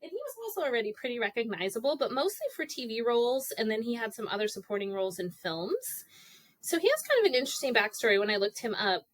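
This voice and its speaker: A chatty woman in her forties co-hosts a casual podcast and recounts research with lively asides. Her voice sits a bit high. It is recorded close and dry. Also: quick pace, dry recording. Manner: chatty storytelling, animated quoted voices. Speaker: podcast co-host. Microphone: podcast microphone.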